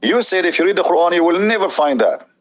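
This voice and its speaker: A man's voice: sits high, expressive, quick pace, poor audio. A man hosting a debate show, giving mocking, emphatic commentary on a played clip.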